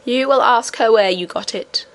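A woman reading aloud voices a calm, wise and mysterious old grandmother who speaks in a measured, reassuring way. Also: a little high, natural voice, low-quality recording. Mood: serene.

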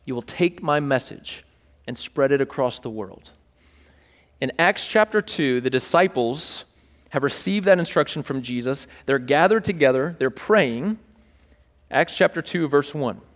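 A man preaching a sermon to a congregation, playful and animated, joking with the crowd between scripture readings. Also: mid-range voice, measured pace, in a large hall. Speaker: pastor. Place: church hall with a live audience.

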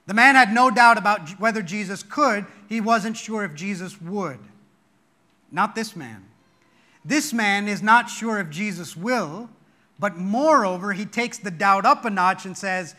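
A male pastor delivering a sermon in a high, ringing voice. He drives his points home by building in volume, then pulls back to hushed, low-level reflection. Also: measured pace. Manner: emphatic, rises and drops in volume to stress points.

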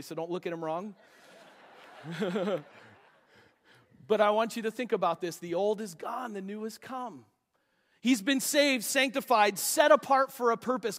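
A male pastor preaching a sermon to his congregation, animated and joking, with quick restarts. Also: sits high. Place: church sanctuary. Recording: long church hall reverb.

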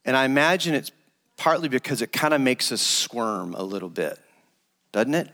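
A man, an associate pastor, preaching a sermon and retelling a parable in a relaxed, conversational way. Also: medium pitch, normal speed. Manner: conversational storytelling, retells a parable in casual everyday phrasing. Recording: long reverb of a large hall.

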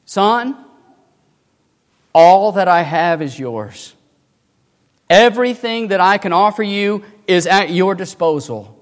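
Preacher as a firm father correcting his son: slow, weighty, high-set voice, echoey. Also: animated.

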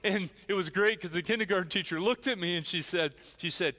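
An older male pastor preaching in a self-deprecating storytelling manner. His voice is high and bright for a man. A long church-hall reverb hangs on every phrase. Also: brisk. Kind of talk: sermon. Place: church sanctuary.

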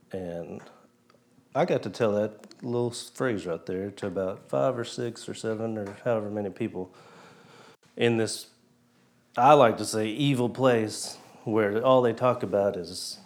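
A man giving a casual testimony at a church service, chatty and chuckling, often asking the crowd questions. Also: fairly low pitch. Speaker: lay speaker giving a testimony. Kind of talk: informal church talk.

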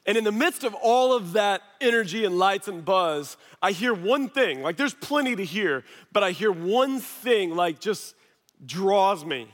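Guy pastor preaching, tells a lively story, highish voice, big hall echo. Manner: animated storyteller, quick asides. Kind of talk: sermon with personal story. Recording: long hall reverb.

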